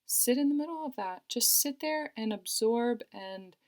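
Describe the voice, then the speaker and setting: A woman's voice: fairly high pitch, expressive, a little slow, a little mellow. A woman giving a tarot card reading, talking earnestly and reassuringly and often repeating her phrases. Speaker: tarot reader.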